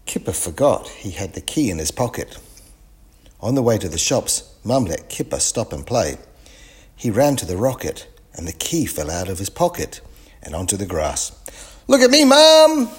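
A man narrating a children's storybook in a clear, expressive reading. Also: deep voice, normal speed.

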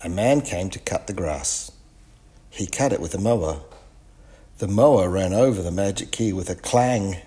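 A man narrating a children's storybook in a clear, expressive reading. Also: deep voice, normal speed.

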